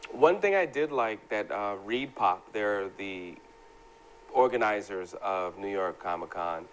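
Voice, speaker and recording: A man's voice: on the low side, animated, measured pace, slight background noise. A man hosting a casual fan talk show, upbeat and conversational. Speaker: host. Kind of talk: casual chat.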